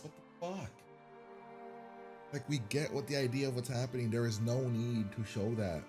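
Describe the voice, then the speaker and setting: A man's voice: medium pitch, fairly even intonation, brisk, music in the background. A man reacting to a TV episode for the first time, blunt and profane, firing incredulous questions at the screen. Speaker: reaction host.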